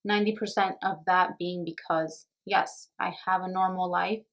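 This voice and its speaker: With a fairly low pitch, fairly even intonation and a moderate pace, a young beauty vlogger and makeup artist addresses the camera casually. She comes across as earnest and reflective, somewhat nervous and emotional.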